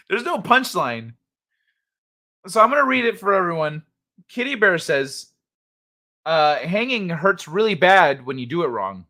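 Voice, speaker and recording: A man's voice: high voice, very animated, measured pace, pauses often, bright, forceful tone. A man hosting a casual late-night livestream, laid-back and chuckling as he reads the chat aloud. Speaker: livestream host.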